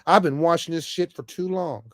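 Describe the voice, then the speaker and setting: A man's voice: fairly high pitch, fairly even intonation, a little fast, no room sound, studio quality. A man giving an off-the-cuff political rant to camera, emphatic and repetitive, stammering often and ending phrases with "man". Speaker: political commentator vlogger.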